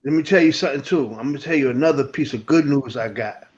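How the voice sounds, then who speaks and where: A man's voice: mid-range voice, quick pace, a crowd in the background. A man on a casual chat show telling easygoing everyday anecdotes. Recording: dull lo-fi sound.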